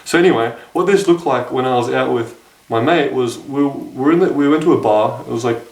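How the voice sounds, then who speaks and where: A man's voice: medium pitch, brisk, creaky, darkish tone, far from the mic. Young man rambling in an echoey room. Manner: rambling, with frequent restarts and self-corrections. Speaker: dating advice vlogger. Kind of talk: casual storytelling to camera.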